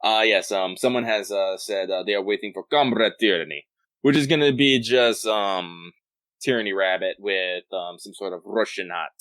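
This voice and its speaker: A man co-hosting a podcast, telling rambling stories in a quick, casual chat. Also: on the low side, fairly bright tone, dry recording. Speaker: podcast co-host.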